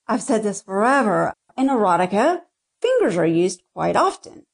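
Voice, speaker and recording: A woman's voice: mid-range voice, very animated, moderate pace, vocal fry. A woman author talking frankly about her writing in an interview, rambling with many restarts. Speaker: erotica author, guest. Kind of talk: casual interview talk.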